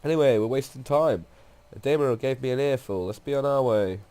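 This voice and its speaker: Reading a tough, restless woman guide's game lines aloud, a man with a cold raises his voice and sounds slightly nasal. His natural, medium-pitched voice is dark in tone, pushed up, and a little fast, and the delivery is a plain reading.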